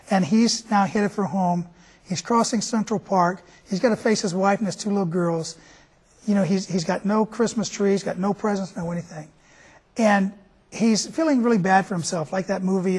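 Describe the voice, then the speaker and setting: A man's voice: high-pitched, normal speed, a little mellow, slightly rough. A man hosting a TV show, telling a story in a folksy, conversational way. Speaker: TV show host.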